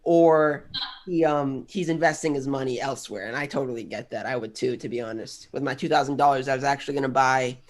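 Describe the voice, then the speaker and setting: Deadpan man telling a stand-up story. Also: mid-range voice, a little fast. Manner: deadpan storyteller, self-deprecating. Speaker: stand-up comedian. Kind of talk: stand-up set at an online open mic.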